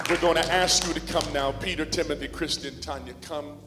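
A man officiating at a church funeral service, announcing the family tributes in a slow, solemn way. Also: a little high, steady tone, over a noisy crowd, heavy background noise. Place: large church hall. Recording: echoey hall with music and congregation. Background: music and congregation.

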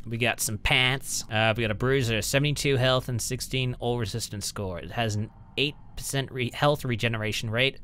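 A man's voice: medium pitch, fairly bright tone, a little hiss or hum. A man giving casual let's-play commentary at his home computer, chatting as he reads out item stats and mutters at enemies. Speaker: gaming channel host.

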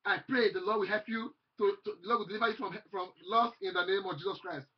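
A man's voice: high-pitched, quick pace, breathy edge, highs cut off. A man preaching a fervent sermon, repeating phrases and quoting scripture aloud.

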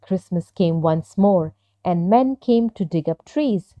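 A woman narrating a children's story in a gentle, expressive storytelling manner. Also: lowish voice, takes it slowly, no echo.

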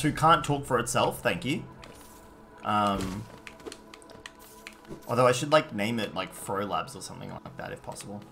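A man with an Australian accent streaming a game live, reading chat aloud and reacting in sudden high yelps. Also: big pitch swings, normal speed, gravelly, pauses often, a bit bright, faint music behind.

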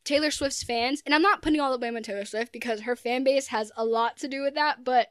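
An earnest young woman chats as a podcast guest, filling her thoughts with "like". Her voice is smooth and a touch high. The room is dry. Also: fast talker, no room sound. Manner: earnest, lots of "like" fillers. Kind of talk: casual podcast chat.

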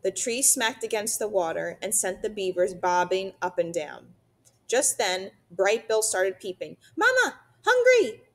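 A woman reading a children's novel aloud, narrating steadily and clearly. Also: mid-range voice, measured pace. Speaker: reader.

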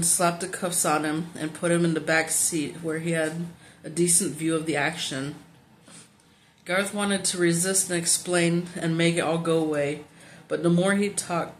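A woman reading a children's novel aloud in steady, plain narration, now and then stumbling on a word and correcting herself. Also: fairly low pitch, a little hiss or hum. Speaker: audiobook reader.

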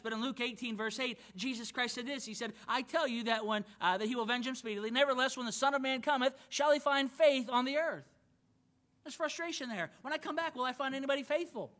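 Pastor guy preaching, really high voice, keeps restarting sentences. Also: pushed and bright. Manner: earnest preaching with frequent repeated words and restarts. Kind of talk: sermon. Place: church auditorium.

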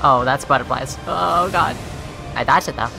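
A woman's rumbling low, creaky voice, at normal speed, provides commentary on her own game while music plays in the background. Swearing and exasperated, she talks to her viewers and shrieks or shouts whenever she dies.

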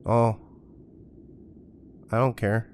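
A man's voice: medium pitch, flat delivery, very slow, darkish tone, a little hiss or hum. A male streamer giving sarcastic, profane commentary while playing a game. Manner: sarcastic, profane, mock-scared.

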